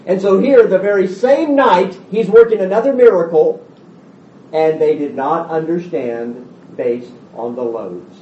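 Male pastor, high lively voice, mellow tone; sermon heard from a distance in a roomy hall. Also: measured pace. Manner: animated, acts out the disciples' voices. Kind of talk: expository Bible sermon. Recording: roomy, distant, dull sound.

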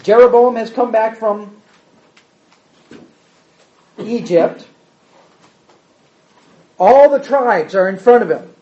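A man preaching a sermon and reading scripture, shifting between loud emphasis and quiet asides. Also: sits high, slow, long pauses. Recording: echoey hall, slightly dull sound.

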